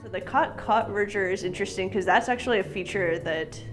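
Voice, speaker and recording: A woman's voice: medium pitch, a little fast, over music. A woman expert explaining in an interview how dialects differ. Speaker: language expert. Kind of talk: interview answers.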